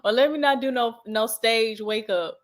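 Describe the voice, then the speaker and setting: A woman's voice: on the high side, normal speed. A young woman hosting a casual livestream, reading viewer comments and chatting with frequent laughs. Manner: chatty and laughing often, talking straight to viewers. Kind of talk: casual chat.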